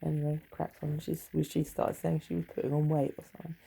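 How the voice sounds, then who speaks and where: Speaking fast in a deep, monotone voice that's creaky, mellow and slightly rough, a middle-aged vlogger chats wryly from her bedroom at home. Her rambling casual monologue is full of free swearing, and the recording is low quality.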